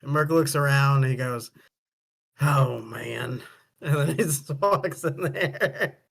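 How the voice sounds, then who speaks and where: A tabletop player talks in a relaxed, hesitant way. The voice is gravelly and unhurried. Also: medium pitch.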